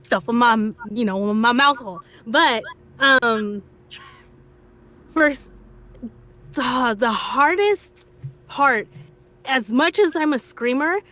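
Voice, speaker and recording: A woman voice actor answering questions over a video call in a casual live chat. Her voice sits a little high. She talks slowly and hesitantly, pausing on fillers as she works through her thoughts. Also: expressive, bright, forceful tone. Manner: slow, hesitant, lots of fillers. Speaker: voice actor in the cast.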